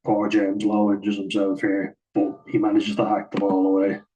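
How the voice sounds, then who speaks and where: A man's voice: on the low side, completely flat delivery, normal speed, dark tone, highs cut off, slight background noise. A man giving a chatty, casual voice-over breakdown of rugby footage, often saying "like" and chuckling at his own asides. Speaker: rugby match analyst.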